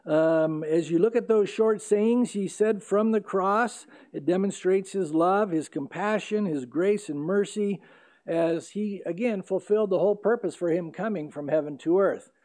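A male pastor preaching an earnest expository sermon, pausing on fillers and correcting himself as he goes. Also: high-pitched, a little mellow. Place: church sanctuary.

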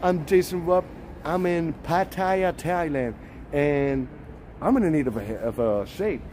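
A man doing a travel vlogger's opening, soft and hushed with a slow, easy pace. It sits a bit quieter than his everyday talk. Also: fairly high pitch, a little hiss or hum. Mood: mellow.

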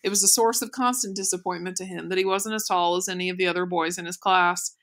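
A woman teacher reading a children's novel aloud in a clear, steady, expressive way. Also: fairly low pitch, fast talker. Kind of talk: audiobook read-aloud narration.

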